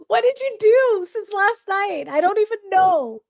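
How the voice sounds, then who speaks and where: A woman's voice: extremely high pitch, expressive, a little slow, few pauses, a little mellow. A woman hosting a casual livestream, chatty and bubbly, reading viewer comments aloud and greeting viewers by name, laughing easily. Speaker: livestream host.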